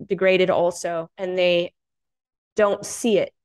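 Woman podcast host, gentle and supportive, asks careful questions. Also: lowish voice, level tone, slow pace, clear, resonant tone. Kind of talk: casual interview.

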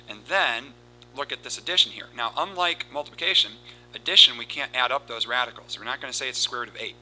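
Bright-voiced man teaching math. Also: medium pitch, fast, a little hiss or hum, poor audio. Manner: explanatory, steady, rhythmic recitation of formulas. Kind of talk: recorded lesson with board work.

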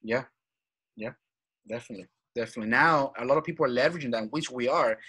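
Energetic man, husky voice. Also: medium pitch, fast. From Venezuela. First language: Spanish. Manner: energetic, repeats key points, frequent "right?" and "man". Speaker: guest, real estate acquisitions manager. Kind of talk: casual interview talk.

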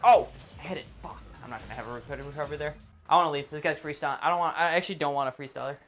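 A young man casually commentating his own gameplay, excitable and swearing a lot, yelling whenever he misses. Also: fairly high pitch, racing, soft background music.

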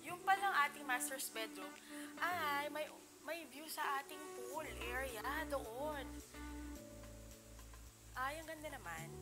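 A woman's voice: sits high, poor audio. A young Filipino woman with a Filipino accent, giving an enthusiastic, chatty walkthrough of a house for sale. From Philippines. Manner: chatty, enthusiastic, exclaims over features. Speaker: real estate house tour host. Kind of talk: casual walkthrough tour, mixing Tagalog and English. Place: indoors in an empty furnished house.

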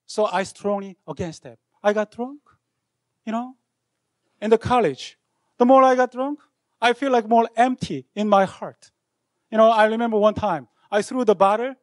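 Man, pastor, high voice, dramatic sermon, dry close sound. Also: no echo. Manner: dramatic, swinging from loud outbursts to hushed lines. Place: university chapel.

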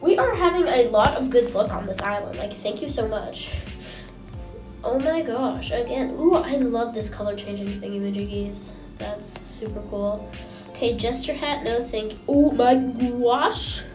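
Excitable young woman gaming vlogger. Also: on the high side, normal speed, distant mic. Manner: excitable, gushing, chatty. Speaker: gaming channel host. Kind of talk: casual gameplay commentary. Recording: echoey room, mic set back, music behind.

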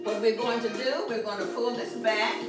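A woman teaching a Spanish lesson at a board, speaking slowly and deliberately and punching out stressed syllables. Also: fairly high pitch, steady tone. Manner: laughs at herself. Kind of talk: classroom lesson at a whiteboard. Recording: roomy echo from far off, faint music.

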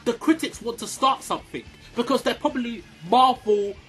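A man giving a casual, excitable film review, swearing freely and filling his talk with "like" and "um". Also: very high voice, moderate pace, faint music behind. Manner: excitable, swears a lot, many fillers.

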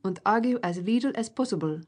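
An old army colonel , read by a woman narrator, booms his patriotic declarations with emphatic stress. The voice stays low and fairly plain in this audiobook reading. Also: fairly even intonation, moderate pace, a little mellow, close to an everyday voice. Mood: rousing. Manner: emphatic, table-thumping declarations.

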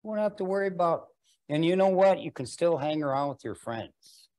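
Vain young suitor, all brag and smooth talk, a man putting him on. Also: fairly high pitch, expressive, a little fast, a little mellow, voice pushed up, close to an everyday voice. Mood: boastful. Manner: bragging, smooth-talking.

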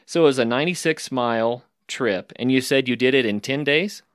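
A man hosting an outdoor-adventure podcast interview, speaking slowly and encouragingly. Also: mid-range voice, a bit bright, clean tone, no room sound. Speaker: podcast host.

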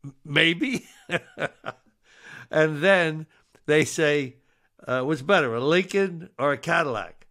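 A jovial podcast co-host with a bright, forceful tone. He talks slowly and takes his time, laughing often and nudging the conversation onward. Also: fairly high pitch. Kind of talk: casual chat.

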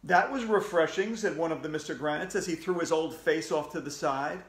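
A man with a fairly high voice reads a children's story aloud, playful and animated as he goes. The sound bounces around a roomy, echoey space. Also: brisk. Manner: animated, raises pitch for character voices. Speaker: children's author reading aloud. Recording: echoey room.

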